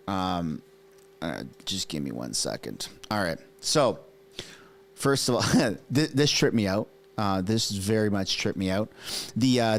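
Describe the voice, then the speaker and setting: A man from Canada hosting a casual political reaction stream, ranting in an exasperated way with lots of restarts. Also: mid-range voice. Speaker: political commentary host.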